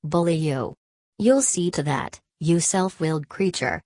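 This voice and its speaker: Woman doing an angry old dad scolding, low voice, dry audiobook. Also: lively intonation, a little slow, dark tone, no echo. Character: bitter, exasperated older father.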